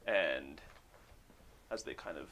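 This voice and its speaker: A man narrating a tabletop game as game master, unhurried and pausing for words with many fillers. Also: extremely low pitch, animated, sharp tone, a little hiss or hum.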